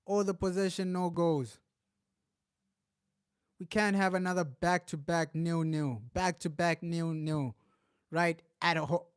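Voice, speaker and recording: High-voiced man in a football watch-along. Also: clean tone, dry recording, studio quality. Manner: emotional, shifts from grumbling to shouting excitement. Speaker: fan reacting to a live match. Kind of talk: live watch-along commentary.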